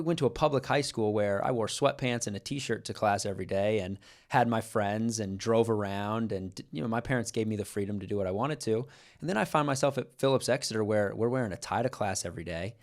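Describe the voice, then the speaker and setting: A man's voice: on the low side, a little fast. A young man from Kansas co-hosting a podcast, speaking in an earnest, reflective way with frequent restarts. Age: young adult. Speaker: podcast co-host. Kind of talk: casual podcast chat.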